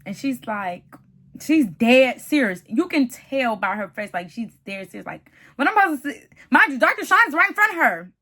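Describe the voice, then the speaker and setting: A woman giving a casual, animated reality-TV recap, chatty and calling the viewer "honey" and "baby". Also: a little high, moderate pace. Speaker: TV show reviewer.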